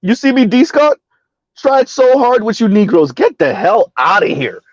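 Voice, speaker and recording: A man's voice: high voice, sing-song, moderate pace, no echo, muffled recording. A man giving heated, mocking commentary in a ranting style, his voice jumping up sharply for emphasis. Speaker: online commentator.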